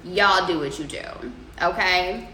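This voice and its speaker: Her lowish voice unhurried, a young woman hosts a laid-back livestream, going over viewer comments and giving profanity-filled, loose advice. The sound is echoey, with faint ambient noise in the background.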